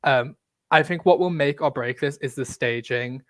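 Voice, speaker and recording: A man's voice: mid-range voice, normal speed, a bit bright, no echo. A man with a broad Yorkshire accent, chatting casually as a podcast co-host. His talk is blunt, jokey and full of swearing. The recording is very dry and close, with no room sound. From Yorkshire, England. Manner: blunt, profane and joking. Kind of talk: casual chat.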